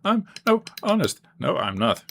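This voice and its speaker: A man's voice: fairly high pitch, very animated, a little slow, vocal fry, fairly bright tone, slight background noise, pitched above the performer's own voice, full character voice. A man voicing a stubborn small boy from a western game town who keeps a secret. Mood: denying.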